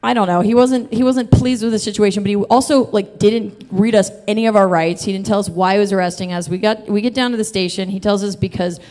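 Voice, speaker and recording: Woman storyteller, mid pitch, loose and giggly, cusses, live hall reverb. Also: steady tone, quick pace, few pauses, a little mellow. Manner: chatty, laughs often, swears freely.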